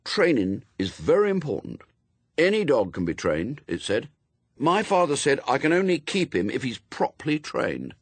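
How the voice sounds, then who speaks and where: A man's voice: mid-range voice, wildly swooping pitch, moderate pace, slightly rough, no room sound, pitched above the performer's own voice, heavily acted. A man voicing a curious, eager young boy in an audiobook reading. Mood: insistent. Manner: hopeful, boyish.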